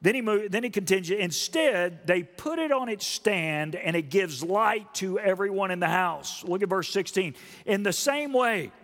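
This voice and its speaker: A man preaching a sermon emphatically, asking the congregation questions and building up to loud repeated stresses. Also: high-pitched, expressive, normal speed. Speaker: pastor. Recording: long reverb of a large hall.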